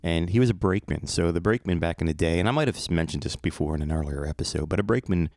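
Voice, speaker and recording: Middle-aged male podcast host, deep voice, dry close sound, loose joking monologue. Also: racing, a little mellow, no echo. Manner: rambling, playful, self-mocking. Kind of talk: casual solo podcast monologue.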